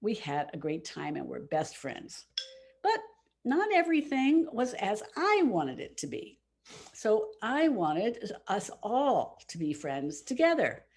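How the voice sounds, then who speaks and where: A woman's voice: medium pitch, huge pitch swings, slow pace, darkish tone, slightly rough. A woman in her seventies telling a heartfelt personal story to all ages at a church service. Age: 70s. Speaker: congregation member telling a children's story.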